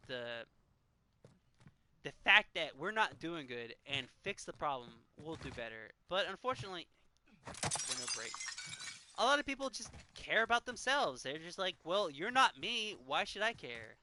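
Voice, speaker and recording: A man's voice: sits high, very animated, normal speed, bright, forceful tone, a little hiss or hum. A man in his thirties, a game streamer talking earnestly and emotionally, choked up and sighing often. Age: 30s. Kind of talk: casual chat while gaming.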